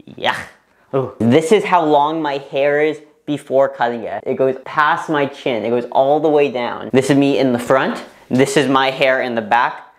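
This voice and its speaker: A young man vlogging casually to the camera in a bathroom. His nervous, excitable chatter breaks into squeals and laughter. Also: medium pitch, normal speed. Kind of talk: casual vlog talking to camera. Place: parents' bathroom, indoors.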